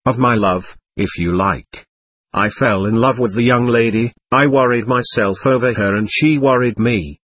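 A man's voice: mid-range voice, normal speed, a bit bright, breathy edge, dry recording. A man reading a bitter, irritable young man. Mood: bitterly elated. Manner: sardonic, snapping, self-mocking. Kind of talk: audiobook character reading.

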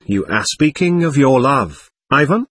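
A man reading an anxious, gentle young man. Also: medium pitch, animated, measured pace, breathy edge, dry recording, studio quality. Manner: earnest, worried questioning. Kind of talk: audiobook character reading.

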